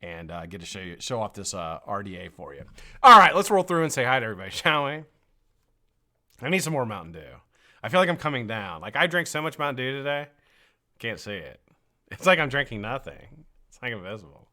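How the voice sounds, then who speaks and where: A man's voice: on the low side, very animated, a little fast, sharp tone. A man hosting a casual live stream, energetically greeting viewers one by one, with a frog in his throat.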